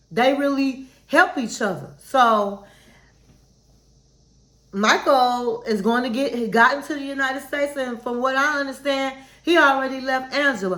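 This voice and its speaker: High-voiced woman chatting candidly. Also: pushed and bright. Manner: chatty, frank, calls viewers "honey". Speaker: reality TV recap vlogger. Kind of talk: casual candid commentary. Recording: roomy echo.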